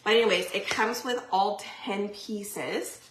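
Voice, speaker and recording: A woman's voice: mid-range voice, slow. A young woman hosting a crafting live stream, chatting casually and giggling with her viewers as she works. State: pregnant and out of breath at times. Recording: echoey room, faint noise.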